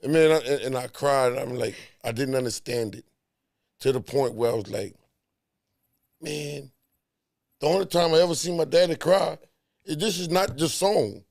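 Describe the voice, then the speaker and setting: Gravelly man talking with emphasis. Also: medium pitch, normal speed, pauses often, darkish tone. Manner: emphatic, preachy, repeats words. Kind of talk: casual heart-to-heart talk.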